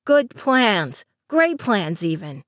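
A woman's voice: medium pitch, sing-song, slow pace, fairly bright tone, dry recording, clean studio sound. A woman voicing an anxious young man who whines and speaks dryly. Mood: whiny. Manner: whiny, sarcastic.

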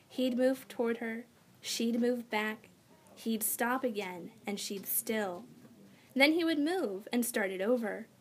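A woman narrating a children's fantasy audiobook in an expressive storytelling manner. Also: on the high side.

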